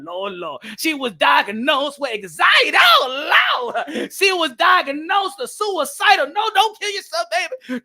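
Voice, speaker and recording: A man putting on a fervent preacher voice, shouting slowly with huffs between phrases. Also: extremely high pitch, gravelly, full character voice. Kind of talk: mock sermon.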